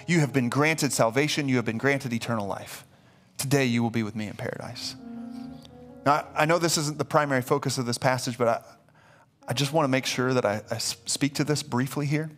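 A man preaching a sermon as pastor, emphatic and repeating himself as he builds. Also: medium pitch. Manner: emphatic, repeats words when excited. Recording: live church stream with faint music.

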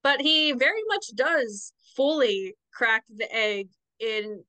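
A woman co-hosting a book club podcast, giving frank commentary and often pausing on "um". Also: fairly high pitch, lively intonation, bright, forceful tone, no room sound. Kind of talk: casual podcast chat.

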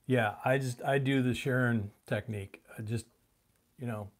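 Man, casual live stream host, hiccuping, relaxed chat with viewers. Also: medium pitch, moderate pace. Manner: relaxed, greets viewers by name, chews while talking.

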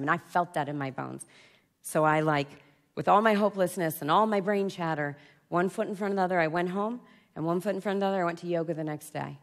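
A woman giving a confessional personal-story talk at a conference, swinging from loud outbursts to hushed near-whispers. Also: on the low side, fast talker. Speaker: conference speaker. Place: conference stage before an audience.

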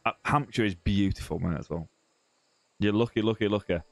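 Hosting a live fishing-game stream from his home room, this man from southern England chats casually, teases viewers, and restarts lines, tagging many with "mate" or "bro." His brisk voice is fairly low and gravelly, with no echo.

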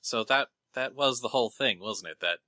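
A man running a tabletop role-playing game as game master, chatty and quick to laugh. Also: medium pitch, sharp tone, no room sound.

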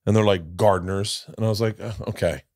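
A man's voice: on the low side, fairly even intonation, fast talker, a little mellow, a little hiss or hum. A middle-aged man hosting a podcast, telling stories in casual chat and acting out the voices he quotes, with a lot of profanity. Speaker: podcast host.

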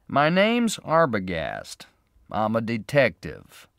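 A man voicing a hard private detective who speaks in a flat, unfriendly and deliberate way. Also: mid-range voice, gravelly, smooth, no room sound, clean studio sound, full character voice. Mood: businesslike.

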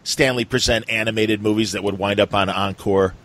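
Low-voiced man chatting casually. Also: fairly even intonation, fairly quick, fairly bright tone, low-quality recording. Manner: rambling, enthusiastic, many fillers. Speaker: podcast host. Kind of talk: casual chat.

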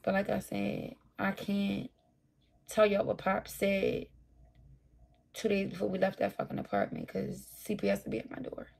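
Brief: woman livestreamer, combative late-night rant, gravelly husky voice, a touch high. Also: animated, moderate pace, a little mellow. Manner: profane, combative, talks straight at her chat. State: tired, burnt out.

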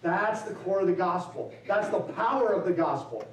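A man preaching a chapel sermon in a somewhat high voice. He talks loosely and conversationally, then climbs into slow, emphatic build-ups. The sound is roomy and picked up from a distance. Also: animated. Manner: loose and self-deprecating, with fillers and restarts. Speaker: chapel speaker. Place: college chapel. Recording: echoey chapel, mic at a distance.

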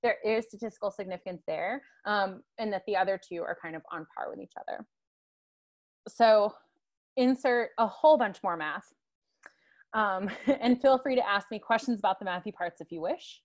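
A woman's voice: mid-range voice, normal speed. A woman giving a guest lecture over a video call, talking conversationally with many tag questions and fillers. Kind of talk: online lecture.

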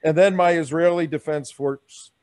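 Male talk radio host, middle-aged, loud and jokey, pitched a bit high, dry studio mic. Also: moderate pace, no echo. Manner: loud, animated, jokey storytelling. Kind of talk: excited live radio chat.

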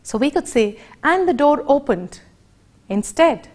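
A woman with an Indian English accent giving an educational lecture, speaking in a deliberate, expressive teaching manner. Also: high-pitched.

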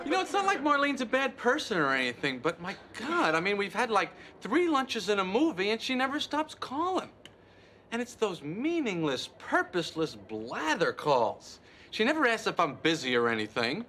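A man's voice: high voice, huge pitch swings, normal speed, sharp tone, a little hiss or hum, exaggerated voice. An actor playing a dry-witted man who delivers wry, incredulous quips in a sitcom scene. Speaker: sitcom character. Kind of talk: sitcom acting.

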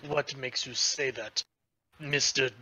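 A man's voice: mid-range voice, steady tone, takes it slowly, bright, forceful tone, exaggerated voice. A man voicing a scornful rich father. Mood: dismissive. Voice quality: scornful, lecturing. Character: overbearing wealthy father, middle-aged man, contemptuous.

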